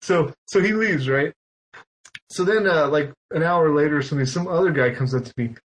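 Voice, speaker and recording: A man on a podcast, telling a relaxed anecdote with lots of "like" and "um". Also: fairly high pitch, a little fast, poor audio. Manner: easygoing anecdotes with filler and restarts. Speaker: podcast co-host. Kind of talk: casual podcast banter.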